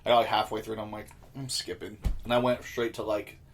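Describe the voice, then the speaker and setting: A man's voice: lowish voice, little pitch movement, rapid-fire, slight background noise. A young man co-hosting a podcast, chatting casually in a rambling, jokey, profane way and laughing often. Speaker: podcast co-host. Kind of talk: casual chat.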